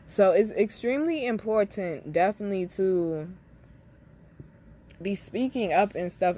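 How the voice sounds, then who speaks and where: A woman's voice: medium pitch, mellow. A young woman hosting her own channel, telling a personal story to camera in a blunt, candid way, swearing freely and talking straight to her listeners. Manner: blunt, profane, speaks directly to listeners as y'all. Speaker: spiritual reader and channel host.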